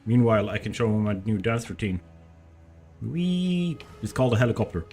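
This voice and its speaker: A man with a fairly low voice chats loosely with his stream audience, rambling as he fiddles with his desk mic at home. Soft music plays faintly underneath. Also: steady tone, very fast. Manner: chatty, rambling while testing his mic. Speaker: game streamer. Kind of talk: casual live-stream chat. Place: room at home. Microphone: desk mic, moved around while talking.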